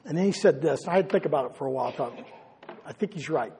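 A man who is a pastor, preaching a conversational sermon, asking his congregation questions and swinging between loud and hushed delivery. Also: on the high side, lively intonation, racing, gravelly, big-room sound, a little hiss or hum. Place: church hall.

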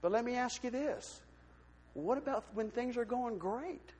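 A man giving a testimony from the pulpit in church, telling his story with lively, acted-out voices. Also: extremely high pitch, measured pace, slightly rough. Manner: animated storytelling, acts out quoted voices. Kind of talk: sermon testimony. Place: church sanctuary. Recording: long hall reverb.

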